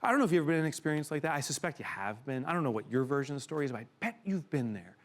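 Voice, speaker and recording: A middle-aged man giving a keynote to a live audience in a room, telling a personal story with emotion and sudden loud exclamations. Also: on the high side, sing-song, very fast. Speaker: keynote speaker.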